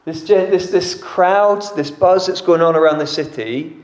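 A man preaching a sermon, animated and acting out crowd voices. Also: high-pitched, measured pace. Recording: echoey room.

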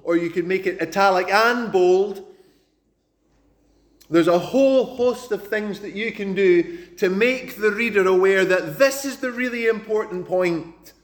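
A man preaching a sermon, emphatic, repeating words for stress and slowing down when he quotes scripture. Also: high-pitched.

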